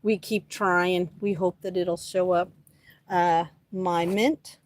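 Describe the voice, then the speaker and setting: A woman's voice: lowish voice, fairly even intonation, slow pace. A woman livestreaming casual chat from her home garden, talking to her plants by name and filming on a handheld phone. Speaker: livestream host.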